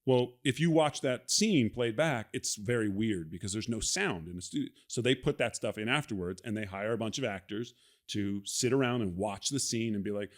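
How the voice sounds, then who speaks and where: A man's voice: medium pitch, normal speed. A middle-aged man in casual conversation as a podcast guest, telling stories animatedly and acting out quoted lines. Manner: animated storyteller, acts out quoted lines with laughs.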